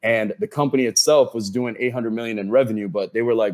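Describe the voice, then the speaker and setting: A man's voice: on the low side, quick pace. A man, a podcast guest, telling his career story with energy and acting out what other people said to him. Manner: animated storyteller who acts out quoted dialogue.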